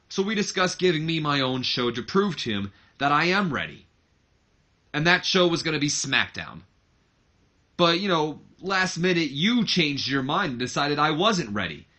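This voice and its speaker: A man's voice: a little high, pushed and bright, exaggerated voice. A man voicing a brash young heir to a wrestling company, taunting his father in a smug promo.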